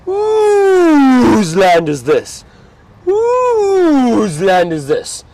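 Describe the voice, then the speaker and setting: A man voicing a boastful male lion, drawn-out shouted calls, much higher than his own voice. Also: wildly swooping pitch, full character voice. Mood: territorial. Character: boastful roaring male lion claiming land.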